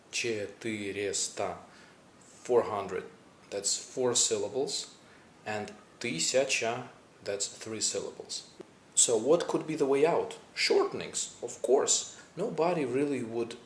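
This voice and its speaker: A man, a Russian native, teaching a lesson and explaining pronunciation patiently, repeating words slowly and then quickly. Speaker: Russian tutor. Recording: roomy echo, faint rumble.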